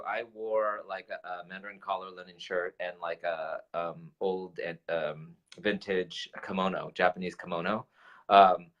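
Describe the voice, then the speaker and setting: A man co-hosting a casual talk show, chatting in an animated way with many fillers and restarts. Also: lowish voice, lo-fi sound. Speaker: co-host. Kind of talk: casual chat.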